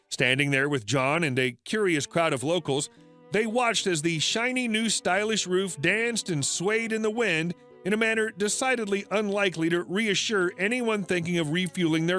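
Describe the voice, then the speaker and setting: A man narrating a first-person story in an even, scripted storytelling manner. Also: fairly high pitch.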